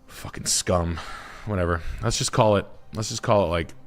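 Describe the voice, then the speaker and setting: A man's voice: deep voice, moderate pace, soft background music. A man casually telling a long rambling story, swearing often and breaking into other people's voices. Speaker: storyteller on a talk show.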